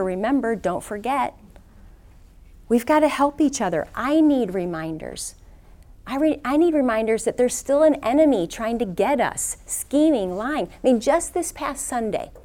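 A woman's voice: mid-range voice, a little mellow. A woman missionary preaching a sermon in a church, telling personal stories earnestly with frequent restarts. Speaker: women's ministry speaker and missionary.

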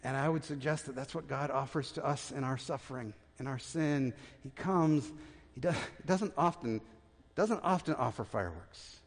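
A man preaching a sermon as pastor, conversational, with restarts, and dropping to a hushed voice for tender points. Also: medium pitch, normal speed. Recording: reverberant church hall.

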